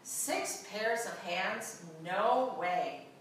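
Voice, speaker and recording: A woman voicing a doubtful, outspoken female angel in a read-aloud story, with an expressive delivery, recorded from far off in an echoey room. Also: a little high, a little slow, a little hiss or hum. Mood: questioning.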